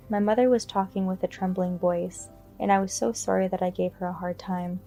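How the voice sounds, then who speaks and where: Mellow-voiced woman narrating a story. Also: fairly low pitch, a little fast, vocal fry, few pauses, soft background music. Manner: even, matter-of-fact retelling. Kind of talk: first-person story narration.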